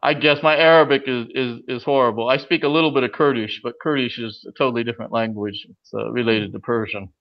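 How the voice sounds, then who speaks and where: Male guest, casual storyteller, halting with fillers, dull lo-fi recording. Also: mid-range voice, steady tone. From California. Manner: hesitant, many uh fillers and restarts. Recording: dull lo-fi audio.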